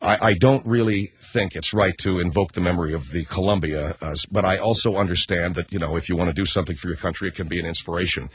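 A man's voice: sits low, fairly even intonation, quick pace, hardly any pauses, husky, no echo. A man hosting a talk radio show, hesitant and apologetic, stumbling over restarts and fillers.

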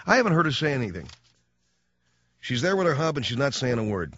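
A man's voice: mid-range voice, sing-song, fast talker, pauses often, a bit bright, no echo. A man hosting a radio talk show, rambling and joking as he acts out little scenes in other voices. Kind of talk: comic radio monologue. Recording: dull, dry studio radio sound.

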